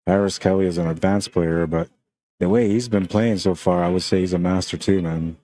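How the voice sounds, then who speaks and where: Here the pool streamer from Canada walks viewers through every shot in a low, mellow voice with a Spanish accent, and the audio has no echo. He stays relaxed and unhurried, chatting loosely and dropping in "man" and "like" often.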